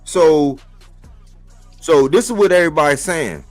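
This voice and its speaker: A man giving a casual, slangy boxing commentary monologue for a live stream, animated and rhetorical, repeating his points. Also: fairly high pitch, measured pace, faint music behind. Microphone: live-stream mic.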